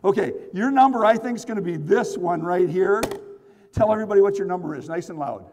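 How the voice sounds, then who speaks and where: A man's voice: high voice, animated, quick pace, darkish tone. A man running a seminar on stage, playful and teasing, calling out to the audience and using volunteers for magic tricks. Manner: playful, teasing, call-and-response with the crowd. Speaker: motivational speaker and magician. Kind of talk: energetic seminar talk with audience participation. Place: large hall with audience. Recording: echoey hall reverb.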